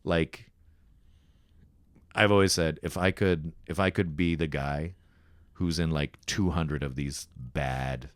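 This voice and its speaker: A Canadian man, a comedian guest, telling lively anecdotes in casual podcast chat and acting out other people's lines. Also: rumbling low, slow, long pauses, clean tone, dry recording.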